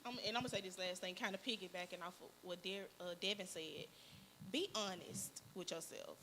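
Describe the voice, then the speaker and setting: Woman, bright, animated, candid storyteller, casual panel chat. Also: lowish voice, fairly quick, long reverb tail, slight background noise. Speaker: panel guest.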